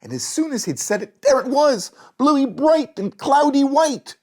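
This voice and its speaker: A storyteller reading a bedtime story aloud in a gentle, animated way, with a gravelly, breathy voice. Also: high voice, a little slow.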